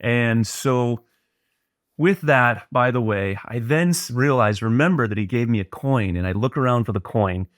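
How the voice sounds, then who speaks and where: A middle-aged man tells a personal story as a podcast guest. He speaks at a mid pitch, earnest and reflective, and often restarts his sentences. The recording is close and dry. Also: moderate pace, dry recording.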